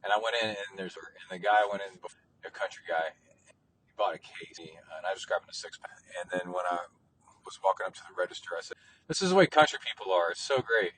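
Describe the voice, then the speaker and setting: A man's voice: low-pitched, level tone, quick pace, fairly bright tone, slight background noise. A man hosting an endurance sports podcast, chatting casually on the go with lots of ums and uhs. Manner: rambling, filler-heavy storytelling. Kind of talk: casual chat on the go.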